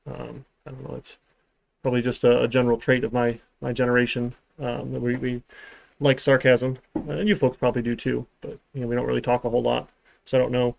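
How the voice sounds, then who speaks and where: A man's voice: medium pitch, level tone, brisk, gravelly, a little mellow, slight background noise. A man teaching a programming class in a live-streamed lecture, talking in a rambling way with dry, sarcastic asides. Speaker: programming instructor.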